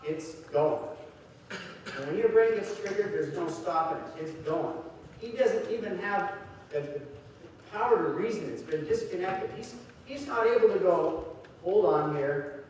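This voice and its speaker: A man speaking to an audience in a lecture hall, weaving stories and acting out the people in them, his voice a little high for a man. He is picked up from a distance, with long reverb ringing around the big room and a faint hum of ambience. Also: animated, a little slow, darkish tone. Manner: storytelling with acted-out voices. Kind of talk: seminar talk to an audience. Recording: echoey hall, distant mic.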